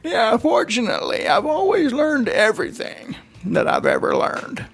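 A man playing a forgetful, hard-of-hearing old grandpa who rambles and shouts. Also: very high-pitched, huge pitch swings, moderate pace, vocal fry, slightly rough, voice pushed up, exaggerated voice. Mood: doddering.

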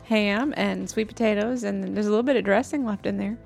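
A woman's voice: mid-range voice, steady tone, fairly quick, gravelly, darkish tone, slightly rough, faint music behind. A woman co-hosting a podcast, chatting casually with short replies and frequent laughs. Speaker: podcast co-host.

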